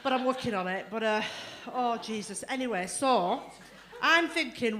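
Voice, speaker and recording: A woman's voice: on the high side, animated, normal speed, a bit bright. A woman doing a bawdy stand-up comedy set, swearing freely and laughing through her lines. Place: comedy club stage.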